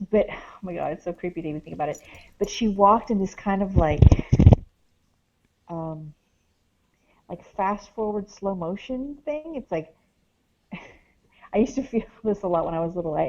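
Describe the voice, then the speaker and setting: With a fairly low, darkish voice on a muffled recording, a paranormal investigator rambles through a story as a podcast guest. Her talk is casual and packed with fillers, especially "like" and "um".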